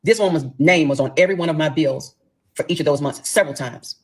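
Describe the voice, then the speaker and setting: A woman's voice: deep voice, fast, darkish tone. A middle-aged woman telling a personal story in a casual, emphatic way, talking straight to her listeners. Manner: emphatic, addresses listeners as y'all.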